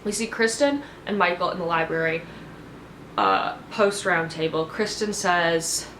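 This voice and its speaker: Brief: female reality-show recapper, chatty and expressive, roomy echoey sound. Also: fairly low pitch, a little slow, slight background noise. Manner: chatty and expressive, with many fillers like "like". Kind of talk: casual recap vlog. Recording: roomy echo.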